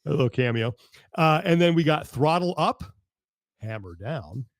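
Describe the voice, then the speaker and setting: A man hosting a podcast over a video call, telling a story in an animated, exasperated way that keeps breaking off and restarting. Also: fairly high pitch, moderate pace, no room sound, clean studio sound. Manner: animated, exasperated rambling with self-interruptions. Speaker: podcast host. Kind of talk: casual storytelling chat.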